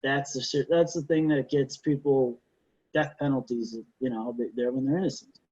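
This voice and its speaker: Guy lawyer, husky voice, kinda high, stumbles and restarts a lot, muffled lo-fi sound. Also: moderate pace. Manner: animated storyteller, frequent restarts and stammered repeats. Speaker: defense lawyer, podcast guest. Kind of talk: casual interview storytelling. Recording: dull lo-fi sound.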